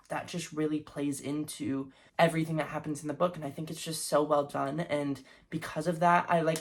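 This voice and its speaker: A young woman reviewing her favorite books in a casual vlog, gushing and effusive, with lots of fillers and restarts. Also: sits low. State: recovering from covid. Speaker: book vlogger.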